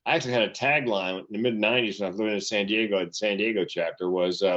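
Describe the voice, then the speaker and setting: A man's voice: fairly low pitch, fast talker, fairly bright tone. A man in his fifties, a comedian and keynote speaker, telling stories and punchlines in casual podcast chat with a self-deprecating manner. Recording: dull lo-fi audio.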